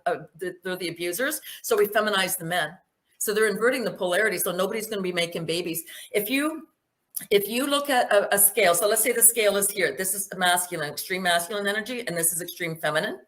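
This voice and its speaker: Woman presenter, emphatic, rhetorical questions, medium pitch, conversational talk. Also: fast, fairly bright tone. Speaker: speaker giving a presentation. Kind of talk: spoken presentation with Q&A.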